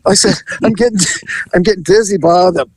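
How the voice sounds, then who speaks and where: A man hosting a podcast, telling an animated story in casual chat, acting out the voices and laughing as he goes. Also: sits high, fairly quick, no echo, poor audio.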